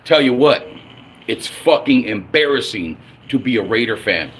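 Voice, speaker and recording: A man in his forties, hosting his own livestream as a fan, rants angrily and profanely in a blunt way. His mid-range voice is animated and moves at a moderate pace, with a little hiss or hum in the background.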